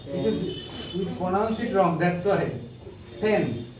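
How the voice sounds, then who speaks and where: A man from Bangladesh teaching English pronunciation in a classroom, saying words slowly one at a time and repeating them. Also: fairly high pitch, a crowd in the background. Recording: echoey classroom, distant mic, noisy.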